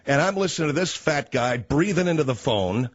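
A man's voice: fairly high pitch, animated, fairly quick, no room sound. A man hosting a comedic talk radio show, brash and sarcastic, mocking his guest. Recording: muffled broadcast audio with faint hiss.

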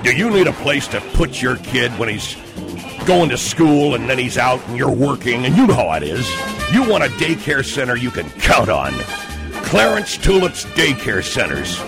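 A man doing mock football commentary in a folksy, rambling way, trailing off mid-sentence, with music playing clearly behind. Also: mid-range voice, big pitch swings, normal speed. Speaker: sports commentator.

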